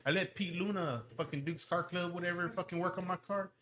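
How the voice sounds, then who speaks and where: A man and lowrider owner, ranting heatedly in casual podcast chat, with slang and heavy swearing. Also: fairly quick, bright, forceful tone.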